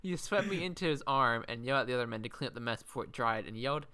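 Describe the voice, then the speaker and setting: A man's voice: medium pitch, animated, very fast, a crowd in the background. A man reading fan fiction aloud and breaking off to mock it, laughing often. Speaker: co-host reading a story aloud.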